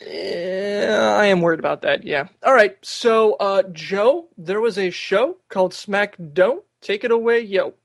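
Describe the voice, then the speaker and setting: A man's voice: sits high, lively intonation, a little slow, gravelly, few pauses, fairly bright tone, dry recording, studio quality. A man hosting a casual podcast, wisecracking and cutting in with one-liners. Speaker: podcast host. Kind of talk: casual chat.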